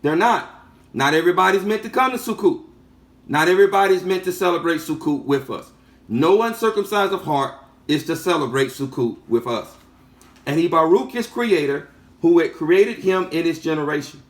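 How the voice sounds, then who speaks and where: A man's voice: a little high, expressive, normal speed. A man giving a sermon teaching, reading out passages and repeating phrases for emphasis with rhetorical questions. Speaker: preacher.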